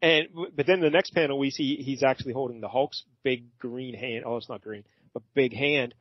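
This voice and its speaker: A man's voice: medium pitch, steady tone, normal speed, no room sound. Rambling, self-mocking man. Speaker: podcast co-host. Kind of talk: casual chat recapping a comic. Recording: dull lo-fi podcast audio.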